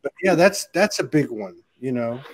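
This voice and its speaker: A man's voice: medium pitch, animated, normal speed, a crowd in the background. Man, easygoing co-host, loose phrasing, slips into quoted voices, chatty. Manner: laid-back, says "man" and "you know", acts out quotes. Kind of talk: casual conversation.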